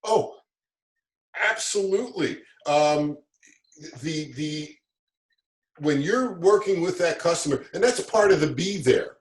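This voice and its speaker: A man's voice: a little high, expressive, unhurried, pauses often. A middle-aged man telling stories in a casual interview, upbeat and motivational, restarting his sentences often. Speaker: guest, business author. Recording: roomy echo.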